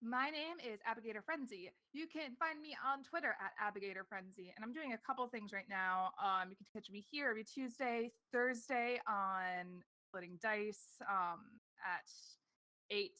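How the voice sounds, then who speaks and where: Bright, bubbly young-sounding woman. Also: on the high side, moderate pace. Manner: bubbly, laughing. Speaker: player. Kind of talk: casual chat.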